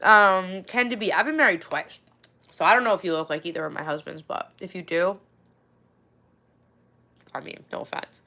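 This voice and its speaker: A woman's voice: fairly low pitch, animated, a little fast, sharp tone. A woman in her forties hosting a casual livestream, chatty and playful, swearing freely and thanking viewers by name. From Long Island, New York. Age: 40s. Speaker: livestream host.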